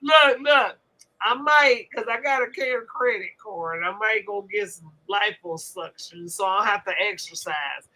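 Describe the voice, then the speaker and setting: A woman hosting a podcast, chatting loudly with lots of laughter and profanity. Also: mid-range voice, moderate pace, poor audio. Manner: loud, laughing, profane banter. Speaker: podcast host. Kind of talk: casual chat.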